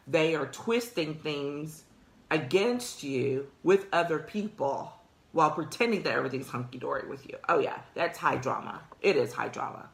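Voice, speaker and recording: A woman hosts a career podcast, giving casual workplace advice in a conversational, emphatic style punctuated by frequent laughter. Her low voice is expressive and gravelly, moving at a moderate pace, and the sound is reverberant.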